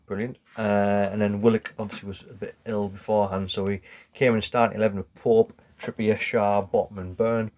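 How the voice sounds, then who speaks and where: A man's voice: on the low side, flat delivery, a little fast, a little mellow. A man co-hosting a casual football podcast, explaining things step by step and swearing casually. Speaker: podcast co-host.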